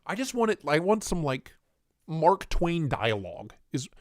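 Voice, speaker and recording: A man's voice: fairly high pitch, very animated, a little slow, no echo, studio quality. A man hosting a casual livestream, joking and reading chat aloud in a playful way. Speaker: livestream host.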